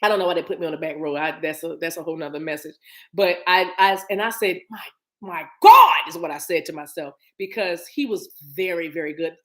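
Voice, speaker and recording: A middle-aged woman giving a casual spiritual card reading to viewers, animated and encouraging, acting out little scenes with sounds. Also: low-pitched, quick pace. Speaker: spiritual reader.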